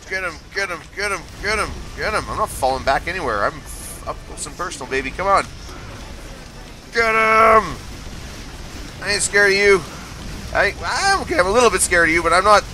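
A man streaming live gameplay, excitable, laughing often and trash-talking the enemies on screen. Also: on the high side. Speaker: game streamer.

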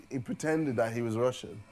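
A man's voice: medium pitch, moderate pace, darkish tone, low-quality recording. A man in casual reaction chat, speaking matter-of-factly. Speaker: reaction video co-host.

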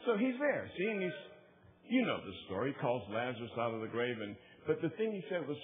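An emphatic male preacher from the United States delivers a sermon and pushes his listeners to repeat key phrases back to him. His voice sits at an average pitch. The sound is squeezed and tinny, like a phone line. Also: big pitch swings, a little fast. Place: large church meeting. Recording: tinny phone-like live recording.

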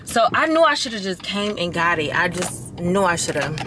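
A woman's voice: on the low side, normal speed, music in the background. A young woman vlogger, talking casually to her viewers while venting and chatting. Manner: chatty, venting, expressive, addresses viewers as y'all. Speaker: lifestyle vlogger. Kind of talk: casual vlog talk to camera.

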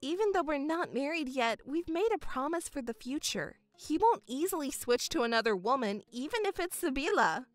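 A patient young woman worn thin by her family, as a woman voices her, restrained and quietly sarcastic. Her voice sits fairly high and moves with lively pitch, close and dry. Faint music runs underneath. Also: moderate pace, few pauses, no room sound. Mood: exasperated. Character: patient young woman, elder daughter, dryly exasperated. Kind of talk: voiced story narration.

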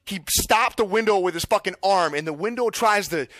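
Bright-voiced man telling a wild story. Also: high voice, fairly quick, no echo, studio quality. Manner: excited, laughing, profane, many restarts. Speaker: streamer. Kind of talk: casual storytelling.

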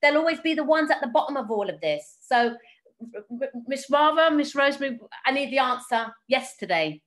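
Woman, impassioned urgent speech, high voice, video call. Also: lively intonation, normal speed, fairly bright tone. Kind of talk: passionate live discussion.

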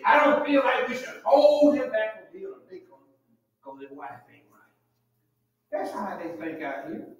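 Older male pastor, folksy sermon, high and lively voice, heard from far off in a big echoing hall. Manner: folksy, preaching with lively swings between loud and low. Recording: echoey church hall, mic far off.

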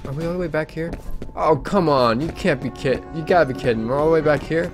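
A man giving sarcastic, exasperated let's play commentary, often yelling at the game. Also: on the high side, fast, over music. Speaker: gaming channel host.

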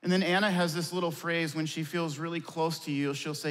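Guy pastor preaching, kinda high voice, tells stories and goes quiet and soft on the big points, long church hall reverb. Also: steady tone, a little fast. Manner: storytelling, dropping low and soft for key points. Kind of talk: sermon.

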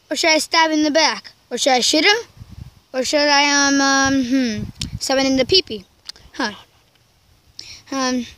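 High-voiced woman playing a game. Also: a bit bright. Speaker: game player. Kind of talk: casual improvised game role-play.

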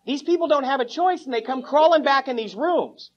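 A man's voice: extremely high pitch, brisk. A man telling his recovery story at a meeting, in a joking, slangy way, calling listeners "man" and "bro". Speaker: AA meeting speaker. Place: meeting room before a live audience. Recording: lo-fi old cassette tape.

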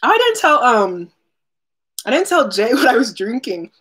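A woman's voice: on the high side, sing-song, normal speed, fairly bright tone, breathy edge. A woman chats casually on a live stream, unboxing products and calling out to viewers by name. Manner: chatty, talks to viewers by name, laughs often. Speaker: unboxing vlogger.

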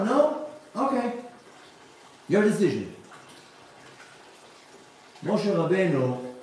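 Animated male rabbi in an echoey space. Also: high voice. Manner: animated, acts out the people he quotes; asks the audience rhetorical questions. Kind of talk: live Torah lecture. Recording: very echoey, distant mic, faint background noise.

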